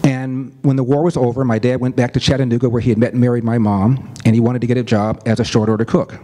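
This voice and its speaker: A middle-aged man telling a family story as a commentator, earnest and deliberate, stressing points with repetition. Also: mid-range voice, level tone, mellow. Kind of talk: storytelling speech.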